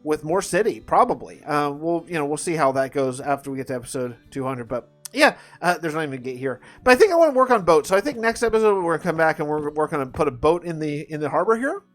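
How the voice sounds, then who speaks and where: A man's voice: fairly high pitch, lively intonation, fast talker, hardly any pauses, faint music behind. A man hosting a gaming channel, chatting casually over his gameplay in a rambling, upbeat way that often repeats words.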